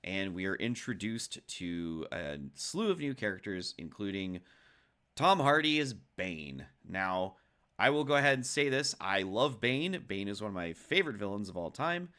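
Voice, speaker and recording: Bright-toned man chatting about films. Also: on the low side, big pitch swings, normal speed, clean tone. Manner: rambling, restarts phrases, teasing. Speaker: podcast co-host. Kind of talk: casual film discussion.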